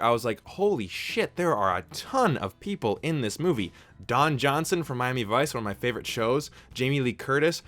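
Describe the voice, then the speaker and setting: A man's voice: mid-range voice, fairly bright tone. A young man hosting a casual movie review vlog, talking enthusiastically in an informal, chatty way. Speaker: movie reviewer, channel host.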